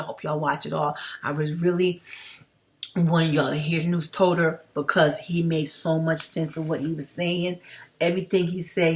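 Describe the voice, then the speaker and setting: Impassioned woman vlogging to her viewers. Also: low voice. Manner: impassioned, addresses viewers as family. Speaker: YouTube commentator. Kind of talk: direct-to-camera commentary vlog.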